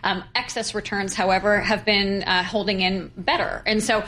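A woman guest on a financial talk show, explaining credit and bond markets in a measured, fluent way with occasional fillers. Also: mid-range voice, fairly even intonation, fairly bright tone, a little hiss or hum. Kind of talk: financial interview, analytical.

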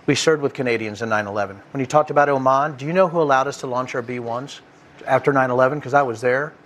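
A man's voice: medium pitch, fast talker, fairly bright tone, slight background noise. A man speaking as a guest on a political panel, emphatic and personal, at times emotional.

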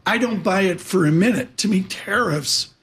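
A man hosting a live financial news show, chatty and jumping quickly between topics. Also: sits high, fairly bright tone, husky. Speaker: radio and TV markets host.

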